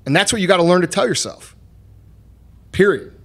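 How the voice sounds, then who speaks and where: A man hosts a podcast with a somewhat high voice. He speaks bluntly and emphatically, swearing freely as he pushes his point. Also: expressive, a little fast, a bit bright. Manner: profane, emphatic and fired-up. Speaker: podcast host. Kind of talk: blunt motivational podcast talk.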